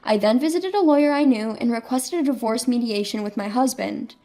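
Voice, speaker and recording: A woman narrating a first-person story in a steady, matter-of-fact way. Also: on the high side, brisk.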